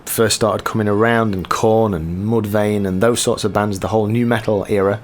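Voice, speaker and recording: A man who chats casually in a question-and-answer video, rambling in a relaxed way with frequent ums as he reads questions aloud and answers them. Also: on the low side, moderate pace. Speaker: guitar cover musician answering viewer questions. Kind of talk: casual Q&A chat.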